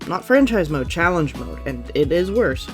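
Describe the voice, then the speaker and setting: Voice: mid-range voice, very animated, normal speed, soft background music. A gaming YouTuber giving casual reaction commentary, chatty and upbeat, rambling with many fillers and self-corrections. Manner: upbeat and enthusiastic.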